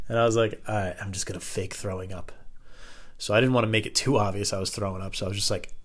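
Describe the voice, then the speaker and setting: A man's voice: on the low side, fairly bright tone. A young man hosting his own podcast, telling rambling, self-deprecating work stories in casual chat full of fillers and swearing. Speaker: podcast host. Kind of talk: rambling solo podcast storytelling.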